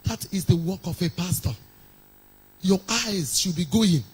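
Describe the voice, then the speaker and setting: A woman's voice: fairly low pitch, a little slow, darkish tone, slightly rough, poor audio. A woman pastor with a Nigerian accent preaching a sermon in a sing-song cadence, reading scripture aloud between stories.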